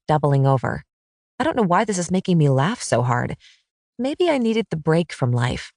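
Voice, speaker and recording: Woman narrator, low-pitched and expressive, reads a first-person audiobook, dry booth sound. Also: normal speed, no room sound.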